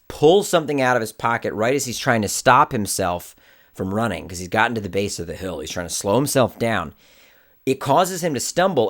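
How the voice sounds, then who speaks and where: A man speaking in a low register, telling a story to camera in a casual vlog. He is an indie filmmaker and tells it with animated delivery. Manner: animated, acts out the people in his story.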